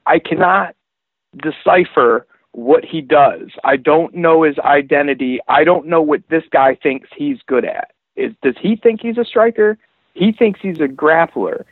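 Excitable man on a tinny line. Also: a little high, unhurried, no room sound. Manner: animated, profane, rambling asides. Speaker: podcast host. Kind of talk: casual chat about fights. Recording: tinny phone-like dry sound.

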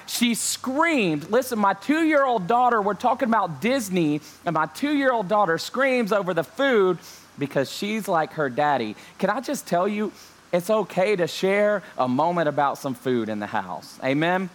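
A young male pastor preaches with a joking, lively delivery and a slightly higher voice, tossing in amens as he opens an online service from home. His talk is casual and full of asides. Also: moderate pace. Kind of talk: online church sermon intro. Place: home during lockdown.

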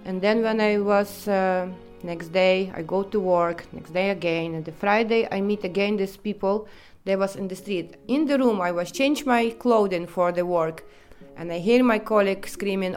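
A woman from Europe, telling her own story in halting, English. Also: mid-range voice, darkish tone, soft background music. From Eastern Europe. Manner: halting non-native English, vivid storytelling. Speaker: interviewee. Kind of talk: personal testimony.

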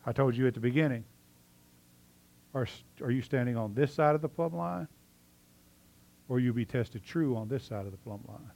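A male pastor preaching a sermon, telling a story with lively swings between loud animated passages and quiet, earnest asides. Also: mid-range voice, moderate pace, vocal fry, long pauses.

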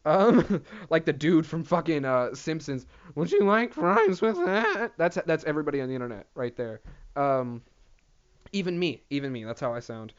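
A man's voice: medium pitch, normal speed, clean tone. A man hosting a solo comedy podcast, rambling and swearing freely. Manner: profane, rambling, animated. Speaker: podcast host. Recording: dull lo-fi audio.

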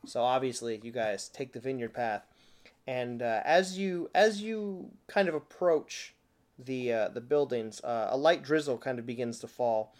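A man running a tabletop game as game master, narrating scenes in a relaxed way with many fillers. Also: medium pitch, a little slow.

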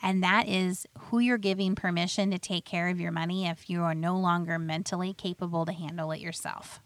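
Lower-voiced woman radio finance host. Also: fairly even intonation, brisk, no echo. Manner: plainspoken, tells client stories, laughs lightly. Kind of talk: explanatory radio talk.

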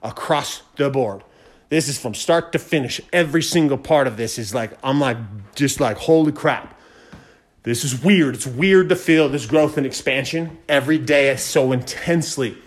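A man hosting a podcast, fast-talking and fired up, giving a motivational monologue and repeating phrases for emphasis. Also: mid-range voice. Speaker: podcast host.

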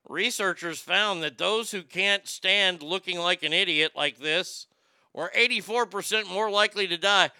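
A man's voice: sits high, moderate pace, sharp tone, clear, resonant tone, dry recording. A man giving a sarcastic, profane comedy rant about a news story and reading chat aloud.

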